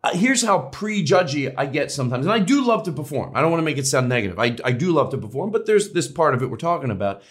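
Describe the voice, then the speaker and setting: Brief: man, comedian guest, fairly high voice with lively swings, rambling and profane. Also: quick pace, hardly any pauses. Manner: animated, rambling, restarts and swears. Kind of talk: casual interview chat.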